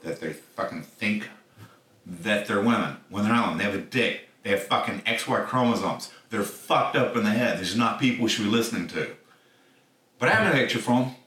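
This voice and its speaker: A man's voice: mid-range voice, pushed and bright. A man hosting a podcast, telling a rambling story in a blunt style and swearing constantly. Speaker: podcast host. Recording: echoey room, distant mic.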